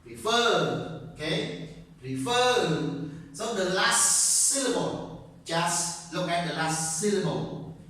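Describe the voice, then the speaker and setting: A male English teacher giving a grammar lesson, speaking slowly and repeating points, checking "okay?" often, with non-native grammar. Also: sits high, sharp tone. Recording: very echoey room, distant mic.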